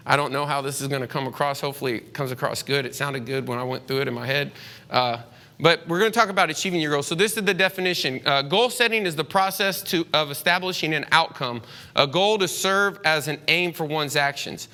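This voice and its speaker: A man's voice: on the high side, brisk, pushed and bright. A man giving a casual talk to a room of real estate agents, rambling with many fillers and restarts, candid and chatty. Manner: chatty and candid, slips into slang.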